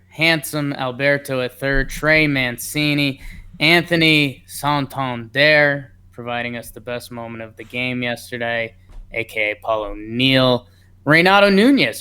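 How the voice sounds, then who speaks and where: A man co-hosting a casual baseball podcast, reading the lineup and telling stories in a joking, animated way. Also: mid-range voice, smooth. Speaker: co-host. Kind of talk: casual sports podcast chat.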